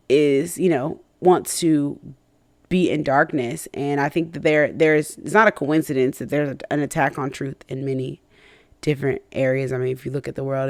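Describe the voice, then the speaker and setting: A woman's voice: low voice, no room sound, studio quality. A woman hosting a personal faith podcast, talking candidly and reflectively, with many fillers and restarts and self-conscious laughs between thoughts. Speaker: podcast host.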